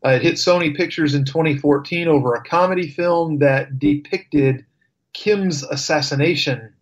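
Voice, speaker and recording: A man's voice: on the high side, normal speed, dull audio. A man hosting a radio show, reading news with wry, sarcastic asides and fillers. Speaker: radio host. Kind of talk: casual news commentary.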